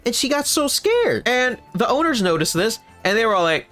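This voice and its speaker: A man telling a storytime vlog, expressive and animated, swearing and laughing as he goes. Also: very high-pitched, moderate pace. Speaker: streamer and video creator. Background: faint background music.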